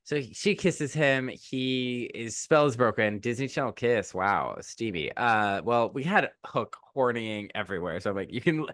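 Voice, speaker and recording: A man co-hosting a podcast, recapping a movie in animated, joking chat. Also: medium pitch, measured pace, few pauses, dry recording. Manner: animated, jokey, quotes characters in sped-up asides. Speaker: podcast co-host.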